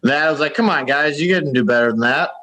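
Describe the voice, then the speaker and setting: Over a remote call, a man performs a deadpan, halting correspondent bit in an improvised comedy segment. His voice is fairly high, and the audio's high frequencies are cut off.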